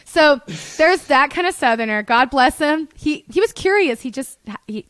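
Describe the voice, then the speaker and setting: A woman's voice: sits high, lively intonation, moderate pace, a bit bright, no room sound. A young woman, a podcast guest, chatting casually and telling rambling stories with laughter and swearing. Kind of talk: casual chat.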